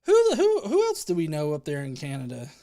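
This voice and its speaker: Fairly high and warm, this livestream host's voice swings hugely in pitch, and he speaks a little fast. He reads viewer comments aloud, thanks people, and rambles along with restarts, joking and swearing.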